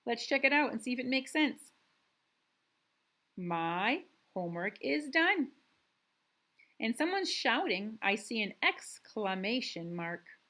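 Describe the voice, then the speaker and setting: Slow, patient woman teaching young kids. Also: fairly high pitch, big pitch swings, sharp tone. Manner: slow, deliberate reading with drawn-out words; patient, encouraging classroom tone. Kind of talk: recorded remote lesson for young students.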